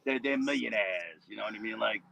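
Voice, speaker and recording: Brief: man, guest on a stream, rambling and repetitive, bright forceful tone, dull lo-fi audio. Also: lowish voice, fairly quick, vocal fry. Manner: rambling, repeats "you know what I mean". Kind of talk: casual livestream chat.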